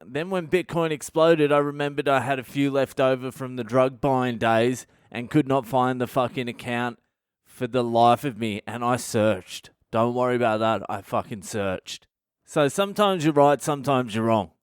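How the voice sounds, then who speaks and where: On his own podcast, a middle-aged Australian comic rants through profane, self-deprecating stories as a comic monologue. He speaks at a normal speed with a medium pitch and a clear, resonant tone, recorded at studio quality with no echo.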